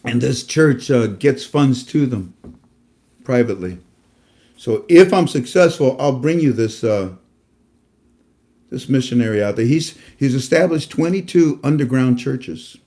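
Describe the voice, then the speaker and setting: Rambling preachy man with a mellow voice. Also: mid-range voice, lively intonation, a little slow. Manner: rambling, preachy, with many fillers and restarts. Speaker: host. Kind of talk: casual religious talk to viewers.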